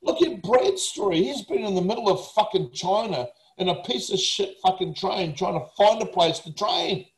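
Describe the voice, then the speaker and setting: A man's voice: high-pitched, expressive, normal speed, few pauses, echoey room, poor audio. A man, a motivational speaker talking casually, blunt, emphatic and swearing heavily. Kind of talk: casual talk.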